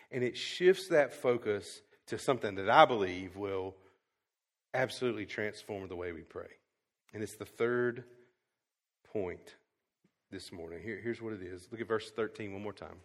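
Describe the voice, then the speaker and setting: Man preaching a sermon in a reverberant hall. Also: medium pitch. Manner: swings from quiet to loud, emphatic. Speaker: pastor.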